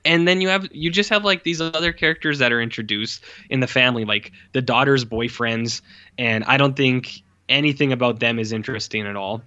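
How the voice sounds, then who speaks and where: A man's voice: medium pitch, a little fast, bright, forceful tone, no echo, lo-fi sound. A man co-hosting a podcast, giving a blunt, profane film review and mocking it with quoted voices. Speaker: podcast co-host. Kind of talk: casual film review chat.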